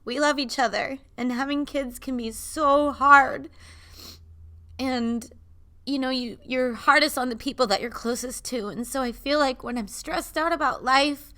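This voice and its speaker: A woman's voice: a little high, fairly bright tone, clean tone. A young woman, a mother, talking earnestly and candidly to camera in a personal vlog. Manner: earnest and confiding. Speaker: mother and vlogger.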